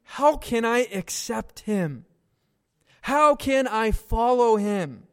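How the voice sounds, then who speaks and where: A man's voice: very high voice, lively intonation, slow, fairly bright tone, smooth, voice pushed up, full character voice. A man quoting a distressed male refugee in a raised, urgent voice full of pleading questions. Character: distressed adult male refugee seeking answers.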